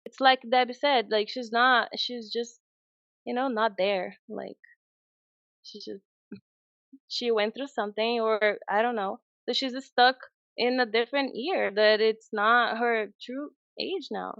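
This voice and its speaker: A woman's voice: on the high side, fairly even intonation, unhurried, gravelly, a bit bright, clear, resonant tone, dry recording, lo-fi sound. Hesitant woman in her twenties. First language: not English. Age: 20s. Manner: hesitant, searching for words. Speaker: podcast guest. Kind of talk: casual podcast chat.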